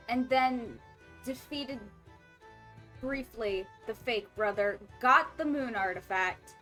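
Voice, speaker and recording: A woman streamer chatting casually while playing a game, animated and swearing, laughing often and reacting to her chat. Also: sits high.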